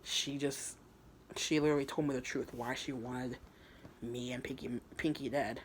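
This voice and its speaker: A man's voice: mid-range voice, fairly even intonation, moderate pace, slight background noise. A man casually retelling his own fan fiction story, rambling and crude, often stumbling and restarting his words.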